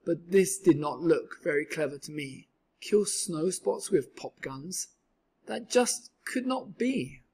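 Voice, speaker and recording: A man's voice: on the high side, lively intonation, slow, vocal fry, a little mellow, slightly rough. A man reading a rhyming children's storybook aloud with a rhythmic, sing-song delivery. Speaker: storybook reader.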